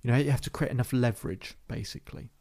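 Guy with a gravelly voice, hypnotherapist telling a session story, calm and unhurried, mid pitch. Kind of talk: storytelling monologue to camera.

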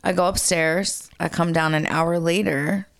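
A woman in her thirties, a podcast co-host, chatting casually and telling animated, profane stories. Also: on the low side, measured pace. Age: 30s. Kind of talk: casual chat.

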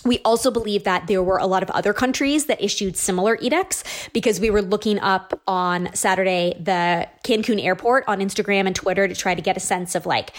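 A woman's voice: medium pitch, fairly quick, few pauses. Chatty woman telling a travel story. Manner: chatty, animated, lots of likes and ums. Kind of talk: casual storytelling monologue.

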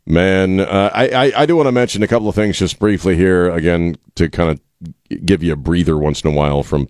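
A man's voice: deep voice, brisk, a little mellow, no room sound, studio quality. A man hosting a talk radio show, rambling casually with many restarts and an irreverent streak. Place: radio studio. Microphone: studio mic.

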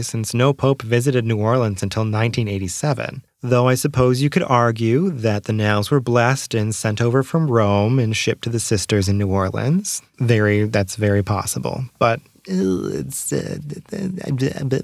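A man with a fairly low voice hosts a casual solo podcast, slightly winded as he talks. His delivery is wry, full of sarcastic asides. The sound is dry and close, recorded inside a small closet. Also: normal speed, few pauses, no echo. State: out of breath. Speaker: podcast host.

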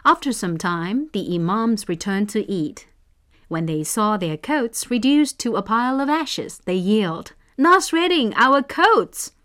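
A woman hosting and narrating folk tales in a measured, expressive scripted reading. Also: medium pitch. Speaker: storyteller host.

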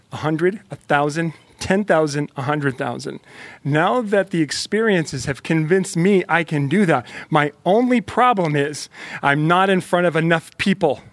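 A man speaks in an emphatic motivational monologue, repeating lines and pushing the listener to act. His voice sits a bit high. The sound is close and dry. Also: no echo. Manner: emphatic, repetitive, fired-up; talks directly to the listener.

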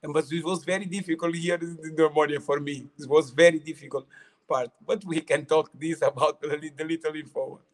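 Middle-aged ex-footballer, high voice, non-native English, halting and repetitive, casual storyteller. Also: male voice, fairly even intonation. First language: not English. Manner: halting non-native English, repeats words, frequent laughs. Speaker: former footballer, interview guest.

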